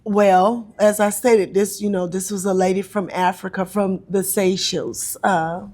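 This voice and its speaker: A woman from North Carolina, a guest talking casually in an interview, with many ums and pauses. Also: medium pitch, fairly even intonation, background noise. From North Carolina, USA. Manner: chatty, frequent ums and pauses. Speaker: actress and comedian guest.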